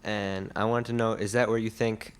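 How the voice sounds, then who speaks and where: A man from the audience asking a question in a halting, hesitant way. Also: lowish voice, little pitch movement, clear, resonant tone.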